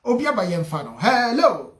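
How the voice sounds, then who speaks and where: A man hosting a call-in radio show, chatting with callers in lively, laughing banter. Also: high voice, brisk, echoey room. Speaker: radio host.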